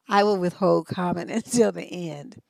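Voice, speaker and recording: A woman's voice: lowish voice, gravelly, no room sound, clean studio sound. Blunt, profane woman advice host. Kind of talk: unscripted advice show.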